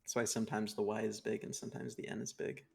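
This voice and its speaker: Casual stream guest, a man with a gravelly edge, walks through steps patiently. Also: lowish voice, level tone, quick pace. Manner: patient step-by-step instructions. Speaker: guest teaching neovim. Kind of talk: casual livestream tutorial.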